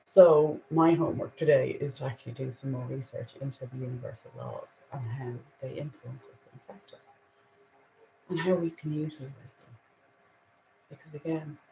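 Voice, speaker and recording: A woman hosting a casual spiritual talk and reading angel cards, earnest and reflective, with soft laughs and a little emotion. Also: rumbling low, steady tone, unhurried, creaky, pauses often, muffled recording, slight background noise.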